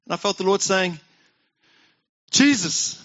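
A high-pitched man preaches a sermon in a chatty way. He keeps turning to the congregation with questions. His voice is bright and forward, on a slightly muffled, lo-fi recording. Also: normal speed. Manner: conversational, asks the congregation questions. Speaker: pastor.

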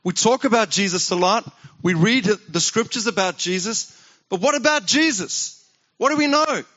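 A high-pitched man preaches a sermon in a chatty way. He keeps turning to the congregation with questions. His voice is bright and forward, on a slightly muffled, lo-fi recording. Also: expressive, normal speed. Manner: conversational, asks the congregation questions. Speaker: pastor.

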